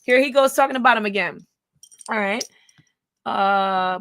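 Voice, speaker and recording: A woman's voice: mid-range voice, unhurried, fairly bright tone. A woman reading out private messages and commenting on them, blunt, profane and sarcastic. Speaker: gossip commentator.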